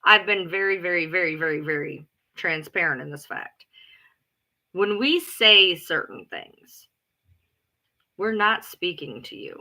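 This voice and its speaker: Fairly low-pitched and a little slow but animated, a woman streamer rants to her followers in a very bright, forceful voice. She's profane, blunt and emphatic, repeating herself often, and carries herself as the loud alpha female she says she is.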